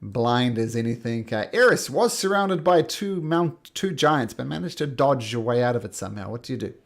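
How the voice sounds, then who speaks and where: A man narrating as game master of a tabletop game, calling rolls and describing the action with quick asides. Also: mid-range voice, animated, vocal fry. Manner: quick, laughing rules talk.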